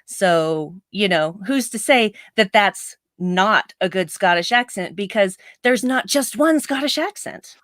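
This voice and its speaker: A woman's voice: mid-range voice, expressive, a little slow, hardly any pauses, fairly bright tone, no room sound, clean studio sound. A woman co-hosting a casual chat, talking in a chatty, explanatory way and laughing often. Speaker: co-host.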